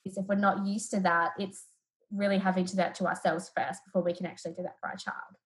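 A woman's voice: fairly low pitch, fast, poor audio. A woman therapist with an Australian accent, talking through parenting ideas as a guest on a podcast interview and acting out scenes from her own home. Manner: reflective, animated when retelling stories.

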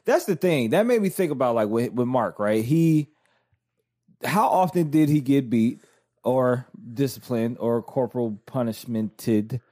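A man's voice: mid-range voice, lively intonation, a little slow, warm tone. A man in his thirties from the American South, hosting a casual chat and telling loose, rambling stories full of restarts. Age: 30s.

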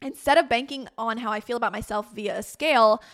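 Bright, chatty young woman podcaster. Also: on the high side, fast. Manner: chatty and candid, with bursts of loud playful emphasis. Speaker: podcast host. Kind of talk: casual solo podcast talk.

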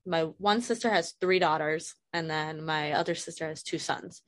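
Woman, low voice, dry close sound, frank and emotional, casual swearing, video call. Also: normal speed, no room sound. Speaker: guest. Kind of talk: candid personal conversation.

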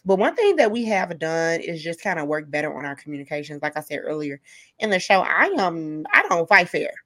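A woman's voice: low voice, animated, a little fast, sharp tone. A woman hosting a casual podcast chat, talking bluntly and animatedly.

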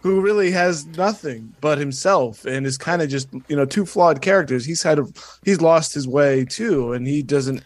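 A man's voice: on the high side, normal speed. A man in casual podcast chat, speaking in an earnest, enthusiastic way with many fillers.

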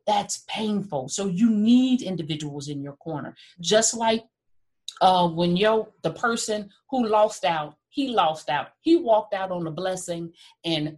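A middle-aged woman hosting a podcast, telling a personal story in an earnest, animated way and acting out what others said. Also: lowish voice. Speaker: podcast host. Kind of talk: heartfelt conversational talk.

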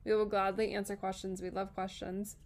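Gravelly-voiced woman podcast co-host. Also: mid-range voice, fairly quick. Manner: supportive short responses, then relaxed segue to listener questions. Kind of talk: casual podcast chat.

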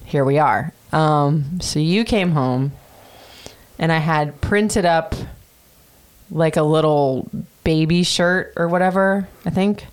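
A woman's voice: low voice, slow pace, clean tone. A woman in her thirties casually telling a personal story on a podcast, chatty and profane with many fillers. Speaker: podcast host.

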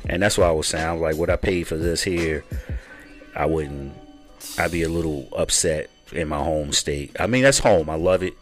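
A man's voice: extremely low pitch, normal speed, soft background music. A middle-aged man from Baltimore with a mild Baltimore accent, hosting a podcast in casual chat and often repeating himself. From Baltimore, USA. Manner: laid-back, repeats himself. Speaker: podcast host.

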